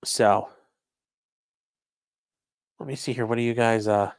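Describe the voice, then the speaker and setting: A man at a middle pitch, talking casually and sarcastically on a livestream, mocking people and reading out viewer comments with profane asides. His voice is recorded close and dry, with no room sound around it. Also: fairly even intonation, slow pace, clear, resonant tone, no room sound. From rural area. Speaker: livestream host.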